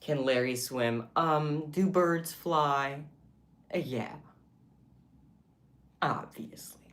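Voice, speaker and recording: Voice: medium pitch, drawn-out words, fairly bright tone. A livestreamer chatting casually with viewers while making beaded bracelets, playful and giggly, with plenty of self-mocking banter. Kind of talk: casual live-stream chat with viewers.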